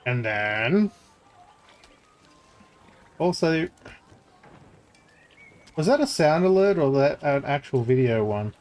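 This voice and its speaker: A man's voice: mid-range voice, sing-song, takes it slowly, pauses often, a little mellow, soft background music. Joking, sarcastic male game streamer. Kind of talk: casual gameplay commentary.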